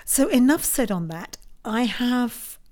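A woman with a croaky voice after a flu, hosting a tarot and astrology live stream in a chatty, self-mocking way, often laughing at herself. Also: on the high side, lively intonation, takes it slowly, darkish tone. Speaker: host of a tarot and astrology show. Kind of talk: casual live-stream chat.

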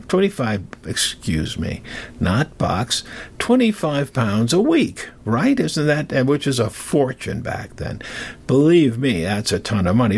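A middle-aged man telling a story in a loose, conversational way, drifting into side remarks. His voice is gravelly and slightly husky, with a lively, swinging pitch. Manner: digressive, animated, chatty asides. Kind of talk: casual spoken storytelling.

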